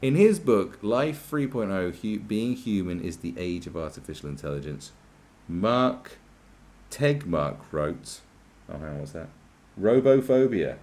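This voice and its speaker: Animated, profane man ranting. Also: deep voice, a little slow. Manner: profane, sarcastic, exasperated. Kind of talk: ranting commentary.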